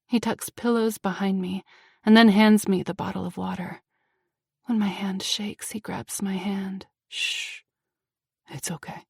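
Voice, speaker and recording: Young woman, first-person audiobook narration, emotional, tense and hushed by turns, mid pitch, dry sound. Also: little pitch movement, a little slow, vocal fry, slightly rough, no room sound.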